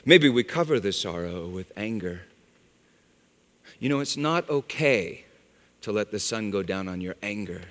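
A man preaching a sermon, swinging from loud exclamations to hushed, low phrases. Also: lively intonation, unhurried, long pauses. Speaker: pastor. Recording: long hall reverb.

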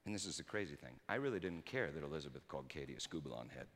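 A man preaching a sermon through personal stories, swinging between loud emphasis and hushed quiet. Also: very deep voice, lively intonation, very fast. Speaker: pastor. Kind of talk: storytelling sermon. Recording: reverberant hall.

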